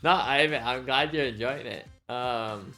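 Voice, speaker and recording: A man's voice: medium pitch, a little slow, sharp tone, faint music behind. Easygoing male gamer, hesitant casual chat, frequent laughs. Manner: laid-back, hesitant, laughs often. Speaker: fellow player in a survival game.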